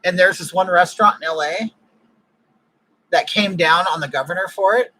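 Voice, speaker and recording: High-voiced husky man ranting. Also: normal speed, pushed and bright, no room sound, rough recording. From California. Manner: ranting, blunt, opinionated. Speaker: livestream host. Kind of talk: casual livestream chat.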